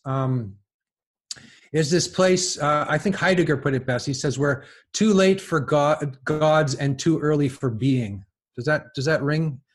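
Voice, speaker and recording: Halting, thoughtful man thinking aloud. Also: a little high. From lives in France. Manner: halting, many restarts and repeated words, thinking aloud. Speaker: podcast guest. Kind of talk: casual intellectual conversation.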